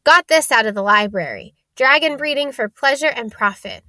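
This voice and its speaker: A woman's voice: sits high, expressive, moderate pace, pushed and bright, dry recording. A woman reading aloud, voicing a big, friendly, secretive male groundskeeper with folksy, clipped speech. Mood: proud.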